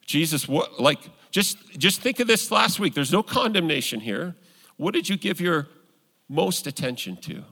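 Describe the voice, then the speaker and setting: A man's voice: a little high, expressive, moderate pace, gravelly, pushed and bright. A man preaching a sermon as pastor, earnest and conversational, building to emphatic points. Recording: long hall reverb.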